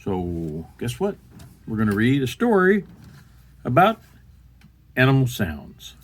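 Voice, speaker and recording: A man reading a picture book aloud in a bookstore, playfully breaking into loud high animal noises. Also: wildly swooping pitch, slow pace, husky. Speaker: storybook reader.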